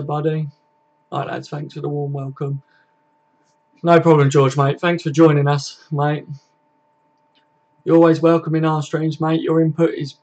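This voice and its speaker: Young male stream host, gravelly and a touch high, casual and profane, lo-fi home recording. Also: a little mellow. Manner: chatty and matey, swears often, reads chat aloud. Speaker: livestream host. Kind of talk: casual live-stream chat. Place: home computer setup.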